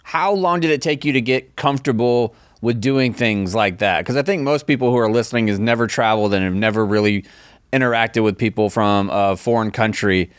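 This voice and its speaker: Male podcast co-host, low pitch, smooth clear voice, dry close sound, measured questions. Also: no room sound. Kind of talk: podcast interview.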